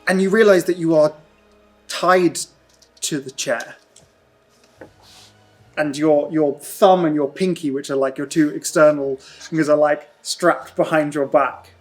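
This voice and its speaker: A man narrating a tabletop role-playing game as game master, in slow, hushed, dreamy descriptions. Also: fairly high pitch, steady tone, soft background music.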